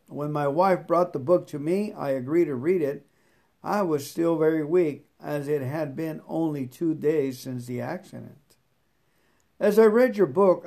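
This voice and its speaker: A man slowly reads a devotional book aloud, repeats scripture verses, and adds his own halting comments. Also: on the high side, gravelly, dark tone. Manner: slow, deliberate reading that repeats scripture verses. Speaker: truck driver reading a devotional book aloud. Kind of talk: devotional reading with personal comments.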